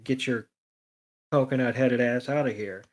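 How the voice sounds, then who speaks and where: Brief: male podcast co-host, mid-pitched, profane and sarcastic recap banter. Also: fairly even intonation, normal speed, poor audio. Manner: crude, profane, sarcastic retelling. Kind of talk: casual recap chat.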